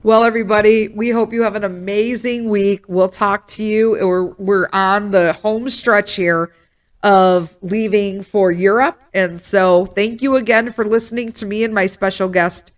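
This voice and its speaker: A woman's voice: medium pitch, fairly even intonation, a little slow. A middle-aged woman hosting a podcast, chatting casually and teasing with a laugh. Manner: warm, laughing, motherly teasing. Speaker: podcast host. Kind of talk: casual chat.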